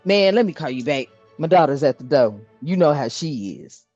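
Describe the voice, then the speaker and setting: An impatient, profane God talks like an exasperated dad , put on by a woman in her own low voice. The sound is dry and slightly dull. Faint music plays behind. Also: lively intonation, moderate pace, a little mellow, no echo. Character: God as a blunt, cussing, fatherly man.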